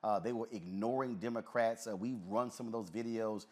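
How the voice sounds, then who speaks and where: A man's voice: on the low side, steady tone, normal speed. Emphatic man hosting a talk show. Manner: emphatic, conversational, many filler uhs. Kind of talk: live talk show commentary.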